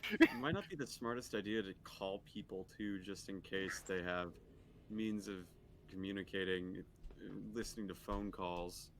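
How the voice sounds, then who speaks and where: A man's voice: low-pitched, fairly even intonation, moderate pace, slight background noise. A man playing in a tabletop game, laid-back and full of fillers. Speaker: player. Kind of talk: casual tabletop role-play.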